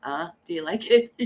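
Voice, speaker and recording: A woman hosting a casual livestream, chatting in a rambling, blunt and animated way and greeting viewers by name. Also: on the low side. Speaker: livestream host.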